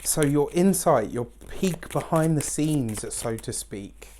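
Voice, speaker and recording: A man's voice: on the high side, animated, slow pace, darkish tone, a little hiss or hum. A man giving an effusive weekly tarot reading to camera, often checking in with "right?" and openly emotional. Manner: emotionally open, near tears at times. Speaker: tarot reader.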